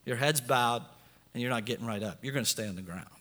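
A man's voice: medium pitch, quick pace, bright, forceful tone. A man preaching a sermon as pastor, building emphasis and acting out quotes in his own voice. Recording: long echo of a large hall.

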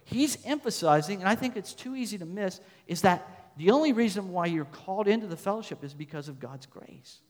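A man's voice: high-pitched, animated, fairly quick, hardly any pauses. A male pastor preaching a sermon, reading verses aloud and pressing his points with emphatic repetition. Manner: emphatic, rising to loud stresses then dropping soft; repeats phrases, reads scripture verses aloud. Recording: long hall reverb.

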